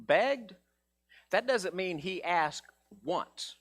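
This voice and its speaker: Animated preacher, high lively voice. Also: male voice, fairly quick. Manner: folksy, animated, acts out voices of Bible characters. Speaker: pastor. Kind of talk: sermon.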